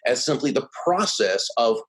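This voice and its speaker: A man in his sixties, a guest author and speaker, telling anecdotes in an animated interview style. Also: medium pitch, normal speed, poor audio. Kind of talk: interview storytelling.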